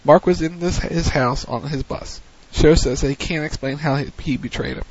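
A man hosting a wrestling recap, retelling the action play-by-play in a casual way. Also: a little high. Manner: recounts events in a hurried play-by-play, with frequent restarts. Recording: dull lo-fi audio.

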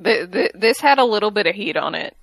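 A woman co-hosting a casual chat, reacting with quick stammering restarts. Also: mid-range voice, expressive, gravelly, no echo. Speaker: podcast co-host.

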